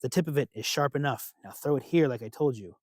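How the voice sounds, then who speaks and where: A man's voice: medium pitch, quick pace, a little mellow, no room sound, clean studio sound, lightly acted. A man voicing a sly trickster god who sounds helpful and friendly while coaxing someone. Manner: smooth, coaxing.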